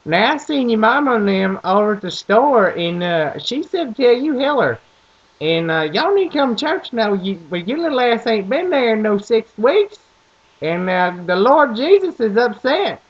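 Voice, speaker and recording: A man's voice: high-pitched, sing-song, normal speed, voice pushed up. A man voicing a gossipy, pushy churchgoing woman with a heavy Southern drawl, in a dull lo-fi recording. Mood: scolding.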